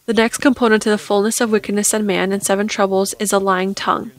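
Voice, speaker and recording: Woman preaching in a flat, even tone. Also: mid-range voice, quick pace, rough recording. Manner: earnest preaching with Scripture readings, rising loud at emphatic points. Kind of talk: sermon.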